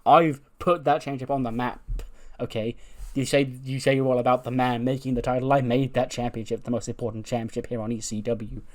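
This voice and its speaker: A man's voice: medium pitch, fairly even intonation, fairly quick, lightly acted. A man voicing a brash male wrestler who rants rudely about being denied a rematch. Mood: indignant. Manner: irritated, rude ranting.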